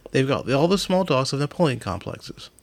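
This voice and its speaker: A man's voice: mid-range voice, sing-song, normal speed, dry recording. Blunt, joking man in casual chat.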